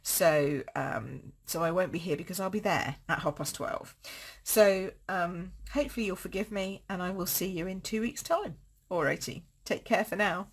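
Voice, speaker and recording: A woman's voice: lowish voice, moderate pace, slightly rough. A woman hosting a live card-making tutorial, chatty and upbeat, laughing at herself as she works. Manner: chatty, upbeat, self-mocking with frequent laughs. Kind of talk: live-streamed craft tutorial.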